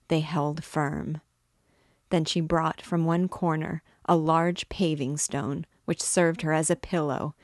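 Woman, novel read-aloud narration, measured, expressive, slow, dry close recording. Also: low voice, no echo. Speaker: book reader and guide.

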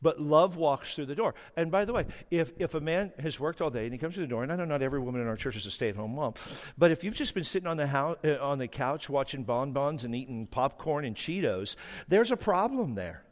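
A middle-aged male pastor preaching a sermon to his church, with humorous, animated storytelling and teasing of the congregation, recorded on a stage mic. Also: fairly high pitch, brisk. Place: church sanctuary. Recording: reverberant church hall.

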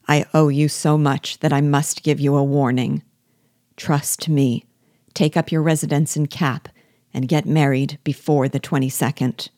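A woman reading a classic novel aloud in a measured, expressive way, giving the dialogue light shifts of tone. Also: low-pitched, no room sound, studio quality. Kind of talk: book reading.

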